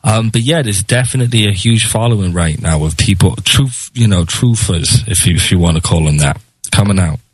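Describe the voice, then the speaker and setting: A man from the UK with a Welsh accent, a radio guest chatting casually and relaxed. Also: sits low, a little fast, slightly rough, poor audio. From United Kingdom. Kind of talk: casual interview chat.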